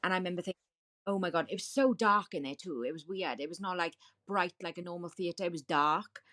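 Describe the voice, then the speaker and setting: A woman with a low, deep voice tells her own story as a podcast guest. She talks in a vivid, repetitive way, circling back to key details and quoting what people said to her. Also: fairly quick, bright, forceful tone. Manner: vivid, repetitive retelling with quoted dialogue. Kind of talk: personal storytelling in a podcast interview.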